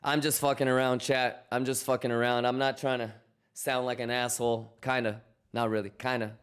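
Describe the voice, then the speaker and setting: A man in the middle of a pitch range talks straight into a desk mic during a live trading stream. He is loud and teasing, swears freely and keeps checking in with his chat, repeating the same questions back to them. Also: flat delivery, moderate pace, clean tone.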